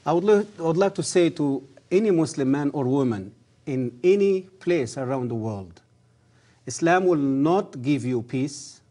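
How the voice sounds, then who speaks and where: Earnest man with halting grammar. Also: a little high, expressive, warm tone. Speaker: guest, former professor. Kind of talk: religious TV interview.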